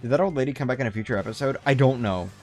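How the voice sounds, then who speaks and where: A man's voice: medium pitch, very fast, a little mellow. A young man chatting loosely while streaming a game, rambling and swearing casually. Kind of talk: casual live-stream commentary.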